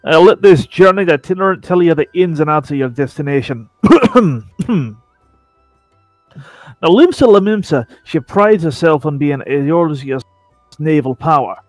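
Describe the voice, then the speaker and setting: A man voicing a worldly, rough-talking male seafaring adventurer with a folksy put-on drawl, reading game dialogue. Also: fairly high pitch, measured pace, no room sound, soft background music, close to an everyday voice.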